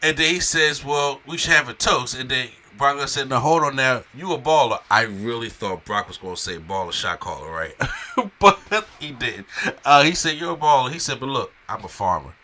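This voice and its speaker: A man casually recapping a wrestling show episode in a rambling, animated way, with frequent restarts and fillers. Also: mid-range voice, normal speed.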